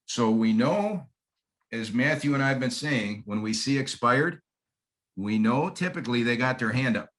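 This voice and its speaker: A man's voice: mid-range voice, a bit bright, poor audio. A man in his fifties from Michigan, with a Michigan accent, giving a folksy, emphatic sales training talk and checking in with "okay?". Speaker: real estate trainer.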